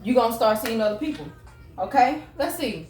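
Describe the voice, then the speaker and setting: A woman's voice: fairly high pitch, expressive, brisk, a little mellow, soft background music. A woman giving a casual tarot reading to camera at home, chatty and blunt, swearing freely. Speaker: tarot card reader. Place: room at home. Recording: echoey room, mic set far off.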